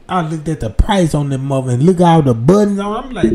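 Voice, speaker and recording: A man with a high voice tells a profane comic story to his livestream audience. He swings from loud, exclaiming bursts down to half-mumbled asides. His delivery is loose, crude and animated. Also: fast, hardly any pauses. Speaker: livestream host. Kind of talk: profane comedic storytelling rant.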